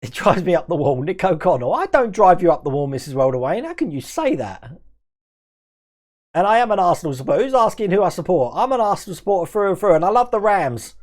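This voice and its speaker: A man hosts a hobby livestream in a loose, rambling, conversational way. He reads out viewers' messages and answers them directly. His voice sits a little higher than most men's. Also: very animated, quick pace. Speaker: scale modelling livestream host.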